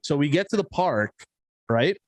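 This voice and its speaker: A young man co-hosting a podcast, telling family stories in a loose, animated way, acting out quotes and swearing casually. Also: fairly high pitch, normal speed, dry recording. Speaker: podcast co-host. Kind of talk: casual storytelling chat.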